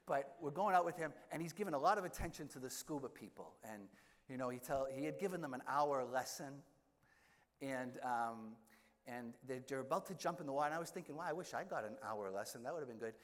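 Self-mocking priest telling a story. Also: male voice, mid-range voice, fast talker. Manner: self-deprecating humorous storytelling. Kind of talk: sermon storytelling. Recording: echoey hall with long reverb.

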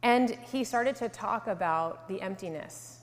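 A woman in her thirties from Connecticut telling her faith story to a live audience, earnest, sometimes dropping to a soft hush. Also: mid-range voice, unhurried. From Connecticut, USA. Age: 30s. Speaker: speaker giving a testimony. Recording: hall reverb.

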